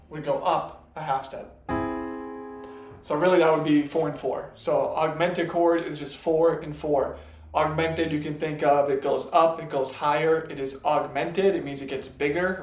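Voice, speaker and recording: A man with a slightly high voice gives a relaxed, step-by-step piano lesson and counts notes out loud. The room is echoey. Piano notes ring out clearly between his lines. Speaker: piano teacher.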